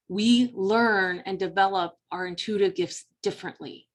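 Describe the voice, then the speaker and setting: A woman's voice: medium pitch, moderate pace. Middle-aged woman, life coach, earnest motivational talk straight to the viewer. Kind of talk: personal story told to camera.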